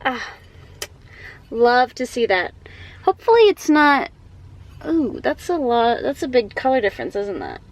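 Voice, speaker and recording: A woman's voice: a little high, very animated, a little slow, pauses often. Chatty, bubbly young woman vlogging. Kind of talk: casual vlog talking to camera. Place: at home indoors.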